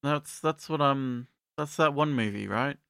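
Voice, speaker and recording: A man's voice: medium pitch, unhurried, vocal fry, sharp tone, clear, resonant tone, no room sound, studio quality. A man co-hosting a casual podcast, talking in a hesitant, wry way with lots of ums and uhs. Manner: hesitant, filler-heavy, wry. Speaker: podcast co-host.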